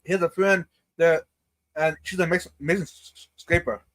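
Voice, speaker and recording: A man's voice: a little high, no room sound. A man hosting a live stream, chatting casually, stumbling over words and laughing a lot. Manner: lively, halting, laughs a lot.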